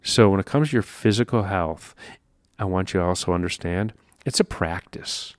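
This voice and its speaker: A man's voice: low voice, moderate pace, dry recording, studio quality. A man giving an earnest, conversational motivational talk about health and mindset, with emphatic stresses. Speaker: motivational speaker. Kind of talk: motivational monologue.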